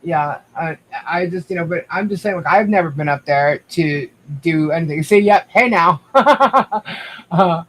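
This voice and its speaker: A man with a high voice tells his side at length, circling back with restarts and fillers. He keeps turning to speak to the viewers directly in a casual livestream chat. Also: moderate pace, few pauses, poor audio. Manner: rambling, restarts, addresses viewers. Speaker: guest.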